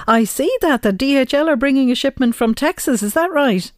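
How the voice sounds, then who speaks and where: A male radio host interviewing a guest, with warm, prompting questions. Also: very high voice, lively intonation, moderate pace, dry recording, clean studio sound.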